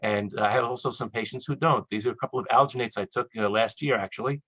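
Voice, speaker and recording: A man giving a chatty, joking lecture to dentists over a webinar, quickly acting out little quoted exchanges. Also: medium pitch, a bit bright, breathy edge, no echo. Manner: fast, chatty, joking asides, acts out quoted voices. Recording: dull, dry lo-fi webinar audio.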